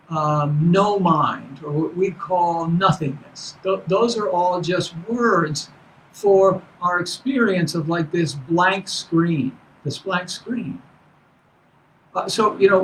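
A man teaching as a Zen teacher, giving a dharma talk to students in a halting, conversational way full of restarts. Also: high voice, slight background noise, rough recording.

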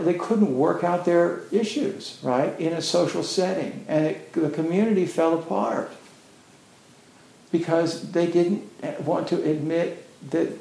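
Gravelly guy doing a loose zen talk, lots of "you know", echoey room. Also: on the high side, mellow. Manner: casual, rambling, many "you know" fillers. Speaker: Zen teacher. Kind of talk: dharma talk. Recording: roomy echo.

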